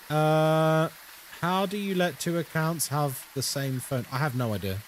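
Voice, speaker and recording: A young man streams a horror game, chatting casually and playfully with his viewers while he plays. His voice is fairly high and a little slow, with a little hiss or hum in the recording.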